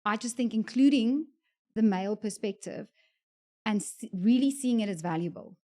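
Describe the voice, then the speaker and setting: A woman's voice: a little high, normal speed, mellow. A woman with a South African English accent, chatting in a relatable way on a discussion panel about parenting. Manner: chatty, relatable, agrees often.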